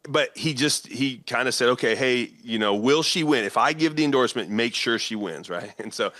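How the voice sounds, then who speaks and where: A man's voice: medium pitch, expressive, a little fast, a bit bright, no echo. A man with a Midwestern American accent, telling a story as a guest in an interview, acting out quoted voices and laughing often. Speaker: guest, politician and former pastor. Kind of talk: animated storytelling in conversation.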